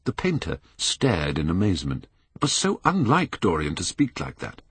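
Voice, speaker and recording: An older man reading a classic novel aloud in measured, expressive storytelling. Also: sits low, breathy edge, no room sound. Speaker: audiobook narrator. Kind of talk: scripted narration.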